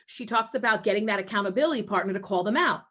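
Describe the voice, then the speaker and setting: Emphatic woman webinar presenter, mid-pitched, lively delivery over a video call. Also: fast talker. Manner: emphatic, animated, acts out voices. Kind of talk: energetic webinar talk.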